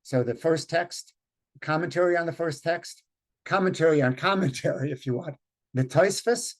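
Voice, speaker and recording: Male teacher reading aloud for an online class. Thoughtful and halting, with plenty of fillers, and the sound comes through a video call. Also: a little high. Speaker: Yiddish teacher leading a group reading. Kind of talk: online lecture and read-aloud.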